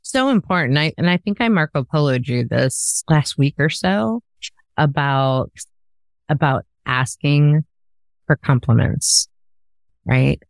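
A woman's voice: sits low, lively intonation, slow pace, dry recording. A woman hosting a podcast in casual conversation, talking in an emphatic, coaching way. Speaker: podcast host.

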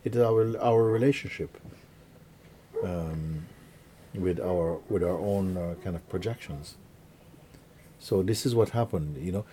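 In a very deep, low voice with a dark, mellow tone, a middle-aged man gives a spiritual talk to listeners. He teaches in an unhurried, earnest way, acting out little quotes and images, with slight background noise present.

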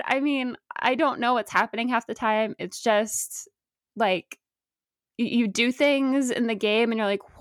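A woman's voice: on the high side, unhurried, dry recording, studio quality. Giggly young woman chatting about games. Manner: giggly, upbeat, animated storytelling. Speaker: podcast co-host. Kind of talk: casual chat.

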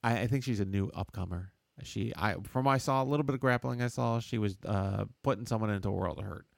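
A man with a low, gravelly voice rambles through sports talk, stopping and restarting with frequent "uh"s. He chuckles at his own stumbles. The sound is dry and close to the mic. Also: no room sound. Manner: rambling, halting with many "uh"s, chuckles. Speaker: podcast co-host. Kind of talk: casual sports chat.

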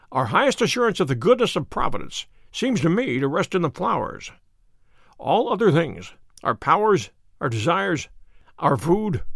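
A man reading a brilliant, self-assured detective for a storybook recording. The voice sits fairly high and moves through lively rises and falls, dry and close with no room around it. Each line comes measured and musing, with a light wry edge. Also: creaky, no echo, full character voice. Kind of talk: audiobook character reading.

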